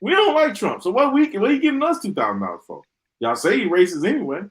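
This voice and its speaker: A man's voice: high voice, very animated, fast talker, rough recording. Exasperated man ranting on a live stream. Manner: exasperated, sarcastic, repeats himself. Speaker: podcast host.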